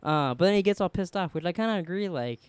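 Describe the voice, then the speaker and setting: Man, casual show recap, higher pitch, smooth clear voice, dry room, rambling, quotes characters. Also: animated, quick pace, no room sound. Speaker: show reviewer.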